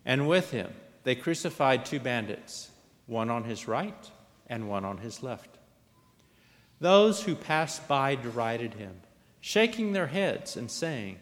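A man's voice: medium pitch, very animated, takes it slowly. A man giving a liturgical scripture reading, dramatic in delivery and lifting his voice for the quoted lines. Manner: dramatic, lifts and raises voice for quoted speech. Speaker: scripture reader. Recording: long hall reverb.

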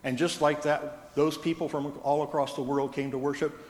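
A man's voice: on the high side, level tone, normal speed, darkish tone. A man, a pastor, preaching a sermon in a plain, conversational storytelling manner. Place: church sanctuary. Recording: echoey reverberant church hall.

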